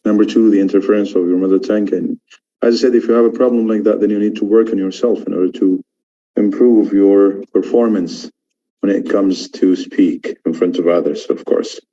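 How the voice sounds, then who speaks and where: A man's voice: lowish voice, fairly even intonation, a little fast, warm tone, dull audio. A man teaching an English exam course, explaining pronunciation and repeating key words as he demonstrates them. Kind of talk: online lecture.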